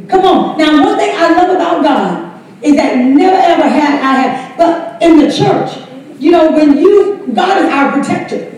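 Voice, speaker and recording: A woman pastor with a Southern US accent leads a lively Bible study, laughing often and urging the room on with "come on". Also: high-pitched, moderate pace, distant mic. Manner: exclaims "come on" often, laughs while preaching. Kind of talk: lively sermon-style teaching. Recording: echoey church hall mic from afar.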